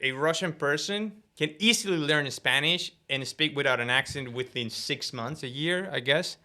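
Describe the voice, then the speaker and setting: A man from the United States, a guest in a casual interview, telling stories in a fast, chatty and animated way. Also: fairly high pitch. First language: English.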